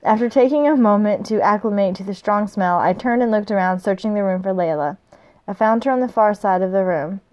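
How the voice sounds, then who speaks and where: A woman's voice: medium pitch, brisk, darkish tone. A woman reading a fantasy novel aloud, stopping now and then to trip over a word or laugh and chat about the story. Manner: stumbles on hard words, laughs through her comments. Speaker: reader of a novel.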